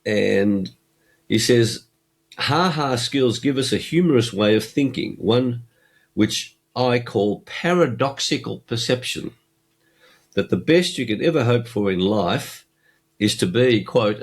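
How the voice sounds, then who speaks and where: Australian male podcast host, low-pitched, earnest reader of quotations with emphatic pauses. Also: lively intonation, husky. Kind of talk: solo podcast monologue reading book passages.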